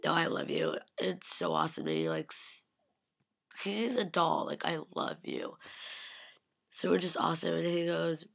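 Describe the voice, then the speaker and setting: A young woman rambles through a fan-event story in a lowish, fry-heavy voice. She gushes and repeats "like" constantly, jumping into little impressions of the people she met. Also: wildly swooping pitch, normal speed, fairly bright tone. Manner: acts out quotes in shifting voices. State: slightly sick. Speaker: vlogger. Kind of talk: casual recap of a fan convention.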